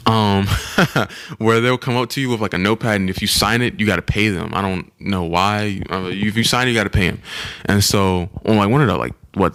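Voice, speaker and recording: A young man co-hosting a podcast, telling a travel story in casual chat and acting out the people in it. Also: fairly low pitch. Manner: animated storyteller, acts out quoted people in raised voices. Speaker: podcast co-host.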